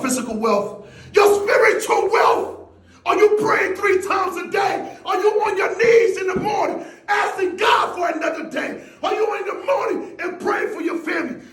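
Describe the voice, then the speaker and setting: A man with a very high voice delivers a motivational speech with intense, shouted energy. He fires off rhetorical questions one after another. The sound rings around an echoey room. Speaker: motivational speaker.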